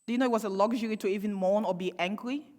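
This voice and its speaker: A woman's voice: medium pitch, rapid-fire, a little mellow. Impassioned young woman speaking in a hall. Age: young adult. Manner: impassioned, rhetorical questions, sarcastic asides. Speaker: panel speaker. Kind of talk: public speech. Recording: long hall reverb.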